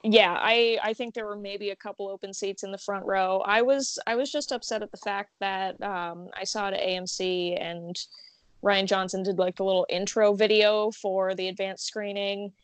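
A woman's voice: mid-range voice, fairly even intonation, moderate pace, no room sound. A young woman, a podcast guest, chatting casually and poking fun at herself with frequent laughs. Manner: self-deprecating, laughs often. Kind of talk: casual chat.

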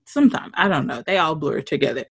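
A woman co-hosting a casual chat, telling a work story with animated delivery, swearing and acting out quotes. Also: low-pitched, quick pace, husky.

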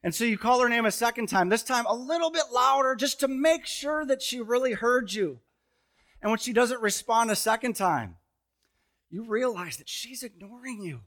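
Animated high-voiced pastor telling stories. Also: male voice, moderate pace. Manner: animated, joking storyteller with sudden loud bursts. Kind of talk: sermon with storytelling. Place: church stage before a congregation.

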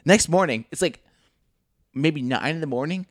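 A man co-hosting a podcast, telling profane stories in animated casual chat. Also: on the high side, moderate pace, dry recording, studio quality. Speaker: podcast co-host.

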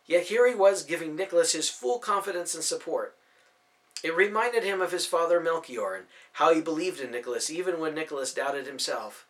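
A man narrates a story in a scripted, expressive way. His voice is bright and somewhat high, and his pitch moves in a lively, animated way across each sentence. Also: a little fast. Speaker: audiobook narrator.

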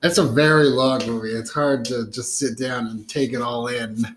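A man's voice: mid-range voice, fairly even intonation, moderate pace, slight background noise. A man co-hosting a casual podcast chat, easygoing, chiming in and joking along with his friend. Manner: easygoing, chimes in and jokes. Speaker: podcast co-host.

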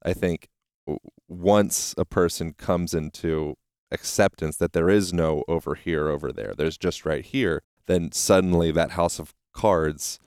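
Young guy hosting a podcast, real low voice, kinda rambly, outdoors. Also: a little mellow, clear, resonant tone, no echo, studio quality. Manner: rambling, searching, lots of "like". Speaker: podcast host. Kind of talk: casual interview chat.

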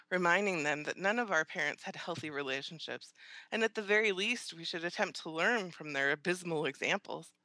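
A woman's voice: lowish voice, gravelly, sharp tone, dry recording. A woman narrating a first-person audiobook in an acerbic, scornful, theatrical manner.

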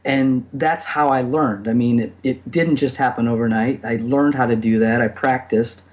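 A man's voice: mid-range voice, fairly even intonation, moderate pace, a little mellow. Reflective man telling his spiritual journey. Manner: reflective, many fillers and restarts. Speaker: podcast guest. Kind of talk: casual conversation.

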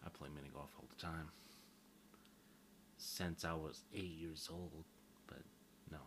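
Rambling crude man with a low voice. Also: fairly even intonation, unhurried, noisy background. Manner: crude, joking, self-mocking, swears freely. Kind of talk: rambling casual monologue.

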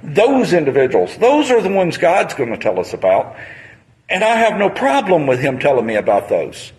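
A man's voice: on the high side, huge pitch swings, normal speed, darkish tone, low-quality recording. A man, preaching a sermon on a Bible passage in a conversational storytelling manner.

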